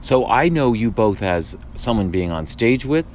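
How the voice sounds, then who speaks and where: A man's voice: mid-range voice, a little slow, slight background noise. A man, a playwright hosting a podcast, speaking thoughtfully in casual conversation with frequent restarts. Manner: thoughtful, restarts often, animated asides.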